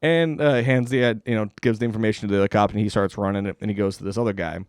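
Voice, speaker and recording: A man's voice: fairly low pitch, steady tone, quick pace, clear, resonant tone, no echo, studio quality. A young man hosting a comedy podcast, telling a rambling, profane story in a casual way and laughing as he goes. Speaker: podcast host.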